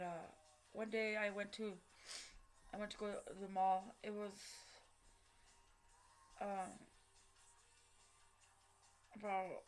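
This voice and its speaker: A woman tells a personal story in a halting way, with many fillers and restarts. She is blunt and swears casually. A faint bed of music plays under her voice. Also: mid-range voice. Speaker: vlogger.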